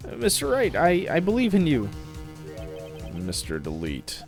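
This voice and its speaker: A man voicing a nervous, timid young man with a high, shaky, pleading voice. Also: wildly swooping pitch, measured pace, creaky, soft background music, exaggerated voice.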